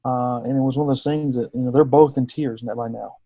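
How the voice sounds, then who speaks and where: A man in his thirties, a guest on a podcast, shares a personal story in conversation and vividly acts out the dialogue of the people he quotes. His voice is mid-range and brisk, in a dry recording.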